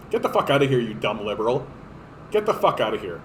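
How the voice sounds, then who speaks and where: A man's voice: medium pitch, very animated, fast, fairly bright tone, a little hiss or hum, rough recording. A man hosting a livestream, delivering an impassioned, profane political rant that repeats itself for emphasis. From Canada. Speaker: livestream host. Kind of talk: ranting political livestream monologue.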